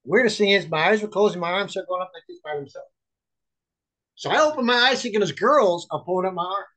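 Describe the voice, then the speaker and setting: Guest man for a faith story told over a remote call: earnest, rambling, restarts often, voice a shade high. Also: animated, fast, bright, forceful tone, poor audio. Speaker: guest, chaplain and author. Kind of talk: personal testimony storytelling.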